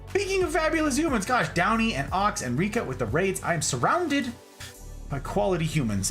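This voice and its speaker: A man chatting casually on a live stream, effusive and quick to laugh as he greets his viewers. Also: sits high, huge pitch swings, fairly bright tone, faint music behind.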